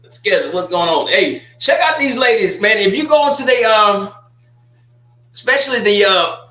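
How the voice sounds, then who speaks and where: A man's voice: sits high, pushed and bright, roomy sound. A sports livestream host, chatting loosely and jokingly straight to his viewers. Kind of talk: casual livestream commentary.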